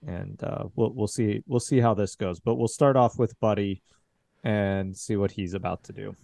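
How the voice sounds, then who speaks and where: A man's voice: on the low side, fairly even intonation, moderate pace, creaky, a little mellow, no room sound. A man running a tabletop horror game as game master, jokey and laughing easily, restarting his sentences.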